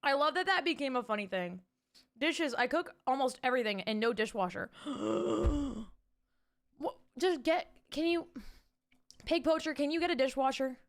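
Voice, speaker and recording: At a moderate pace, a young woman speaks in a high, animated voice while streaming from home. Into a desk mic with a pop filter she chats casually with viewers, reads their messages aloud, and swears freely.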